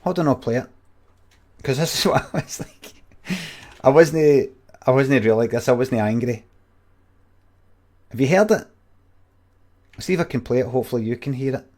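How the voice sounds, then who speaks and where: A man's voice: mid-range voice, lively intonation, normal speed, pauses often, a little mellow. Sweary rambling Scottish man. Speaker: streamer. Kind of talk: casual storytelling to viewers.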